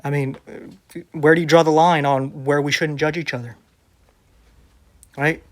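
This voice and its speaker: A man's voice: on the high side, little pitch movement, a little slow. A man who preaches online, reading viewer comments aloud and answering them in a sarcastic, defensive way.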